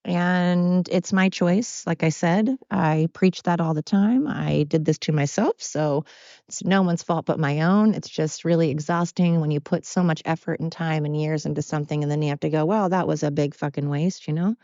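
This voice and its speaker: A woman's voice: deep voice, fairly even intonation, moderate pace, dark tone, no echo, dull audio. A tired woman hosting her podcast at home, talking in a rambling, candid monologue. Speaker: podcast host. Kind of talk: casual personal monologue. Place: at home with pets.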